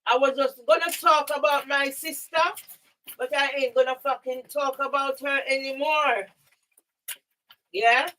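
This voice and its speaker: High-pitched woman venting to camera, furious and upset, cursing a ton, keeps saying yeah?. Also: steady tone, unhurried, pushed and bright, poor audio. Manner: agitated, heavy swearing, keeps asking "yeah?"; emotional, near tears. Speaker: vlogger. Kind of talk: angry personal monologue to camera.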